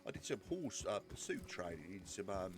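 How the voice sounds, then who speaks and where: A man's voice: low voice, big pitch swings, brisk. A man playing an eager trainee deputy in an online roleplay, polite and deferential, stammering and calling others sir. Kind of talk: in-character roleplay chat.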